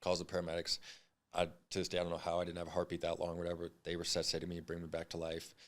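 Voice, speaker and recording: A man's voice: low voice, completely flat delivery, rapid-fire. A man in his thirties, a podcast guest, telling his story bluntly with frequent swearing. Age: 30s. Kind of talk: candid storytelling interview.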